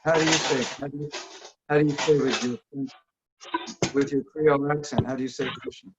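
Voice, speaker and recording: A workshop teacher with a slightly high voice and fairly even intonation talks a little fast, with background noise present. Over a video call he gives a casual, conversational talk, posing questions to listeners, in dull lo-fi sound.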